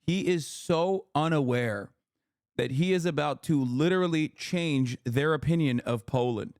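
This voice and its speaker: Profane, outraged streamer, close and dry. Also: male voice, on the high side, measured pace, a little mellow, no room sound. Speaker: streamer reacting to a video. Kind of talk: casual livestream commentary. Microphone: close streaming mic.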